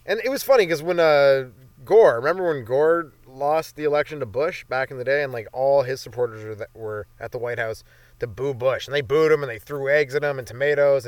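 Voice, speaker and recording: A young man hosts a comedy podcast, riffing off the cuff in a loose, rambling way and swearing freely. His voice sits at an ordinary middle pitch. He is close on a dry mic with no room sound. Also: dry recording. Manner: loose, profane, rambling with lots of fillers. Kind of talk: rambling stand-up style monologue.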